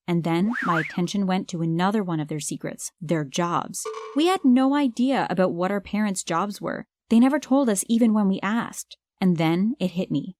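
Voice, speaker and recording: A woman narrating an animated story in a brisk, earnest way. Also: mid-range voice.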